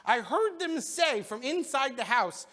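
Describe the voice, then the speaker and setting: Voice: sits high, sing-song, measured pace, fairly bright tone, voice pushed up, full character voice. A service leader voicing a poor, hungry traveler man who complains with exaggerated indignation. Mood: aggrieved.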